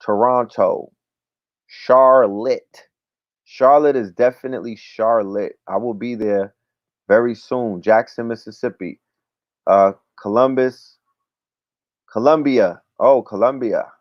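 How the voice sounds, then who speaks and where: A slangy man with a medium-pitched voice speaks slowly, with no echo, hosting a casual livestream where he shouts out viewers. He's loose and keeps repeating "you know what I'm talking about," over dry, dull lo-fi stream audio.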